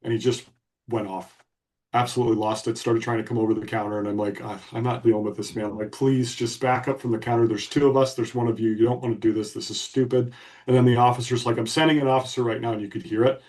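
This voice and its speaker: A man's voice: medium pitch, level tone, fast talker, darkish tone, distant mic. A man co-hosting a podcast, telling a story in a blunt, emphatic way. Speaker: podcast co-host. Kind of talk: casual storytelling.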